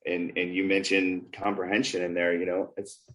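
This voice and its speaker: A man hosting a literacy podcast, telling classroom stories in a lively, conversational way and acting out the voices he quotes. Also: low-pitched, moderate pace, poor audio. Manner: animated storyteller, acts out quoted voices. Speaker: podcast host, former reading specialist.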